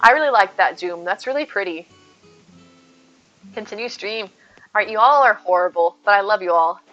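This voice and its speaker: A woman's voice: medium pitch, lively intonation, moderate pace, fairly bright tone. Casting: woman streamer at home, hyper and chatty, over the top, light music under a somewhat dull mic. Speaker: livestreamer. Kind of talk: casual live game stream chat.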